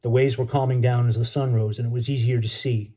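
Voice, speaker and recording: A man reads a chapter of his own novel aloud as an author and teacher, easy and relaxed. His tone is mellow and dark at an average pitch. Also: fast talker. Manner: casual, relaxed greeting. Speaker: author and educator.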